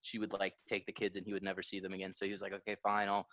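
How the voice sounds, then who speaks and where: A man co-hosting a podcast, chatting in a casual, animated way with swearing. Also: low-pitched, no echo. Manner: animated, swearing, quick laughs. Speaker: podcast co-host. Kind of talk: casual chat.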